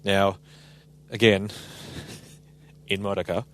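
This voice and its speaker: A man's voice: on the low side, level tone, slow pace, fairly bright tone. A man with an Australian accent co-hosting a casual podcast, sarcastic and emphatic, swearing freely. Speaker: podcast co-host. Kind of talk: casual chat.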